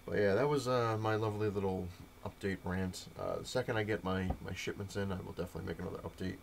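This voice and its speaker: A young man with a lowish voice tells a rambling story, packed with fillers and quoted back-and-forth. A faint hum sits under the recording. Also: fairly even intonation, fast talker, vocal fry. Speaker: comic collector vlogger. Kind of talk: casual update rant to camera.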